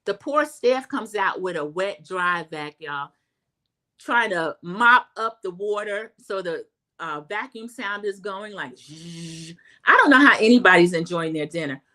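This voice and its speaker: A middle-aged woman, chatting through a casual TV recap and acting out quotes in a high voice. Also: expressive, measured pace, pushed and bright. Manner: chatty, acts out quotes in a high voice, says "y'all". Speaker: recap host.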